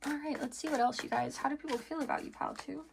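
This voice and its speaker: A woman's voice: high voice, steady tone, quick pace, gravelly, slight background noise. A woman giving a casual tarot reading, rambling and chatty with lots of fillers and restarts, laughing between thoughts. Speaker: tarot reader.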